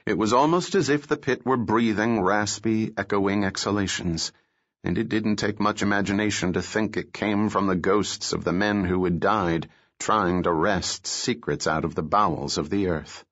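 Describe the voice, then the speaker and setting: A man reading a novel aloud as an audiobook, telling the story in a steady, measured way. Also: on the low side. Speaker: narrator. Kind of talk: scripted audiobook narration. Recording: dull lo-fi recording.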